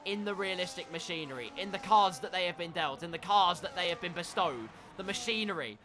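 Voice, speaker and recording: A man doing live commentary on an online sim race, lively and jokey, sometimes bursting into shouts. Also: sits high, a little fast, soft background music. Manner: excitable, jokey, breaks into shouts.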